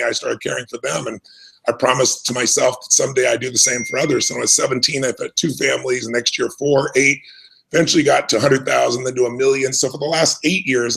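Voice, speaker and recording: An earnest middle-aged man from the United States, recounting his past at an unhurried, reflective pace. His voice is gravelly with a husky edge, and he often restarts his sentences as he speaks. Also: mid-range voice, a bit bright, rough recording. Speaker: interview guest. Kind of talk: conversational storytelling.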